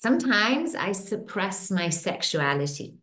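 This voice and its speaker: A middle-aged woman guiding a women's circle through tapping points and affirmations, in a slow and soothing way with a lot of repetition. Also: mid-range voice, big pitch swings, a bit bright. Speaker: facilitator leading a women's circle. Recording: echoey room.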